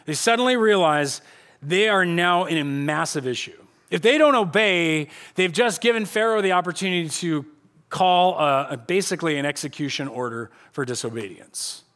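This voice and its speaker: A middle-aged man preaching from a church stage, his voice sitting a little higher than most men's. He tells the story with energy and acts out the voices of the people in it. The delivery is an animated sermon. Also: moderate pace. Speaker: pastor.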